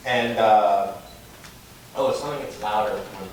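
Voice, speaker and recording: A man on a convention panel, telling stories in a halting, rambling way with lots of fillers and laughs, into a mic held away from his mouth. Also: lowish voice, darkish tone. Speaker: actor on a fan convention panel. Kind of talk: casual panel Q&A storytelling. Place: large echoey convention hall. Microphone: handheld mic held away from the mouth. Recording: echoey hall, voice from far off, background noise.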